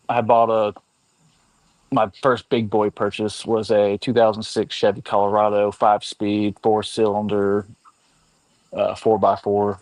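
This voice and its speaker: A man's voice: lowish voice, a little mellow, no room sound, poor audio. A man guest telling easygoing, self-deprecating stories about his past vehicles in a casual chat over a video call. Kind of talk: casual storytelling. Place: home garage area.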